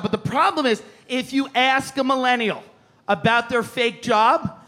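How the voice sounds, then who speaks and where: A man's voice: very high-pitched, a little slow, sharp tone. A man doing a stand-up comedy set on a theater stage, ranting brashly and with plenty of profanity. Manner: brash, profane, aggressive rants. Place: theater stage before a live audience. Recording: stand-up recording with crowd noise.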